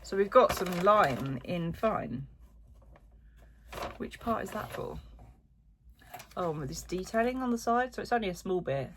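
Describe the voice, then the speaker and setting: A middle-aged woman rambles cheerfully through a yarn haul for her crochet channel, full of ums and side comments. Her voice sits a little low for a woman. A faint hiss runs under the recording. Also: animated, measured pace, long pauses. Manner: chatty, lots of ums and asides. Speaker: crochet vlogger. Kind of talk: casual chat while unboxing.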